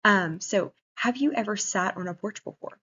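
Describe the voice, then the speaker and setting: A woman teacher giving a gentle, encouraging online reading lesson to young children over a computer mic. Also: mid-range voice, moderate pace, slightly rough. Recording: muffled lo-fi recording.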